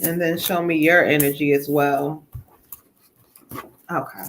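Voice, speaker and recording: A woman's voice: deep voice, fairly even intonation, a little slow, slight background noise. A woman hosting a live-stream card reading as a psychic medium, chatty, laughing often and calling her viewers "child" and "y'all.".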